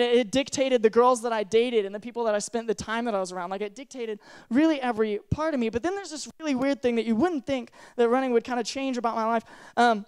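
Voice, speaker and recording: A young man gives a casual youth sermon on a handheld mic in a youth service room, telling stories in a chatty, self-deprecating way peppered with "like" and "right?". His voice is very high-pitched and smooth.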